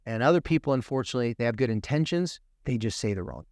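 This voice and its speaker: Man, talk-show guest, earnest, emphatic, acts out quotes, mid pitch, dry studio sound. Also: animated, fast, darkish tone, no room sound. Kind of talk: earnest personal storytelling.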